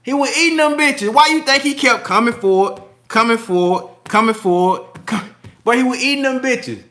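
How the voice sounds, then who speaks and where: A man's voice: very high-pitched, moderate pace, pushed and bright. A man hosting a casual boxing livestream, reading super chats with slangy, laughing banter.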